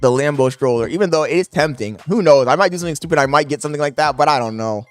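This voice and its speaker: A young man streaming live from his apartment, talking loudly and profanely to his chat into a desk microphone, laughing often. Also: a little high, rapid-fire, soft background music. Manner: loud, yelling into the mic, profane, laughing.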